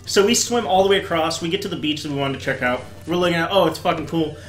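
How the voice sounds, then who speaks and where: A young man hosting a show, chatting casually and telling stories in an animated way with a lot of swearing. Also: fairly high pitch, rapid-fire, echoey room, soft background music. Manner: animated storyteller, swears freely. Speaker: host. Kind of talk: casual chat.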